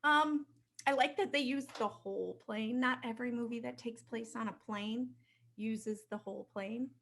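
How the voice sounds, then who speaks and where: A woman's voice: fairly high pitch, moderate pace, gravelly, a bit bright, a little hiss or hum. A woman co-hosting a casual movie review podcast, chatty and laughing often. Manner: giggly, chatty. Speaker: podcast co-host.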